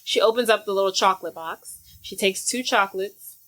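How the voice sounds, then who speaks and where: A woman co-hosting a podcast, casually retelling a film's plot in slang-filled, animated chat. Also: medium pitch, a little fast. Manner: animated storytelling with acted-out quotes. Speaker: podcast co-host. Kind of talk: casual movie recap chat.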